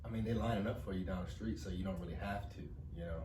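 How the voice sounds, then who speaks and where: A man with a low, fairly even voice talks quickly while co-hosting a podcast with his partner. The casual chat is playful and full of jokes and frequent laughter. The recording has a roomy echo, a distant mic, and faint noise.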